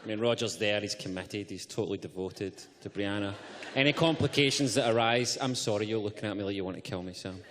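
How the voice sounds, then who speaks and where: A man's voice: lowish voice, fast talker, hardly any pauses, heavy background noise. A man teasing his co-stars on a festival panel. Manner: teasing, playful. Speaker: actor on a panel. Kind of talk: panel discussion.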